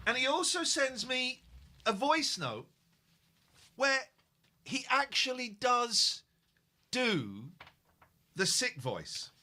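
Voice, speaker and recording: A man's voice: extremely high pitch, sing-song, takes it slowly, pauses often, sharp tone. A man hosting a podcast, telling a story in casual chat and reading messages aloud. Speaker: podcast host.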